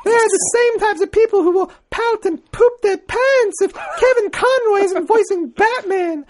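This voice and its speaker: A man voicing a gushing old-lady cook in a shrill, warbling falsetto that is over the top. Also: normal speed, slight background noise.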